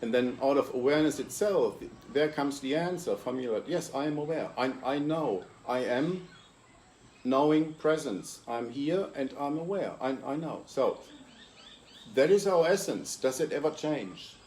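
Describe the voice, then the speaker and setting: A man of ordinary pitch speaking in a calm, reflective way. He walks through his ideas patiently, one step at a time. He asks rhetorical questions and answers them himself. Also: normal speed, a little hiss or hum. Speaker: host and consciousness coach. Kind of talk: reflective interview talk.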